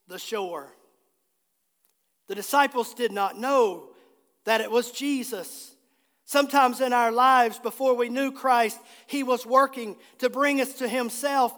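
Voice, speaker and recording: A man's voice: extremely high pitch, a bit bright, big-room sound. A man preaching a sermon as pastor in a church, earnest and repeating key phrases for emphasis. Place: church sanctuary.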